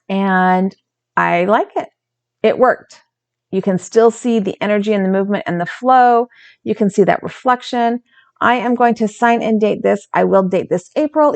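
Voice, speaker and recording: A woman's voice: medium pitch, gravelly. A woman hosting a craft channel, narrating her art journal process in a casual, chatty way, often correcting herself and stumbling over words.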